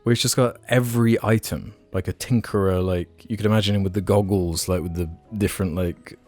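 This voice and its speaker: Deep-voiced guy on a podcast, rambling story mode, lots of ums, faint music behind. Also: fairly even intonation, a little fast, a little mellow. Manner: rambling storyteller, many fillers and restarts. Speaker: podcast co-host. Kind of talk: casual chat.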